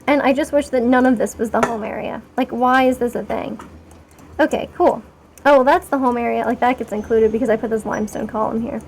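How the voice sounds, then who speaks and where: A woman streaming a game, rambling in a chatty, self-mocking way and getting excited over what happens on screen. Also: fairly high pitch, brisk, vocal fry, a little hiss or hum. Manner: rambling and chatty, talking to chat while playing. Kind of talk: casual live-stream commentary.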